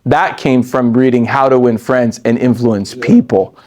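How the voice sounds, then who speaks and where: A man in his forties running a live training session for a sales team, animated and joking, laughing often and talking straight to the room. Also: medium pitch, measured pace. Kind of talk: live training talk to an audience.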